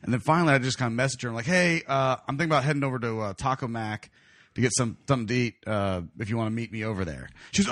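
A man's voice: medium pitch, lively intonation, quick pace, a bit bright, dry recording, clean studio sound. A man, hosting a podcast and telling a crude story with many laughs while putting on voices for the people in it. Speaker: podcast host. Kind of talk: casual storytelling chat.

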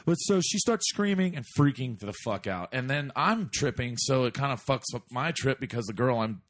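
A man's voice: medium pitch, animated, normal speed, a bit bright. A man telling a long comedic story in casual chat, rambling with fillers, restarts and swearing. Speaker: storyteller guest.

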